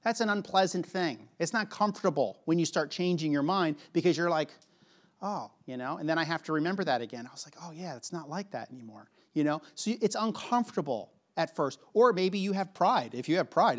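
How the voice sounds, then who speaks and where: A preacher speaking to a church congregation in a loose, talkative sermon. The voice sits at a middle pitch, and the speaker hammers points home by repeating words. Now and then they slip into quoted voices to act out a reaction. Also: expressive, a little fast. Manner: casual and chatty, acting out quoted voices, repeats words for emphasis. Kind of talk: conversational sermon.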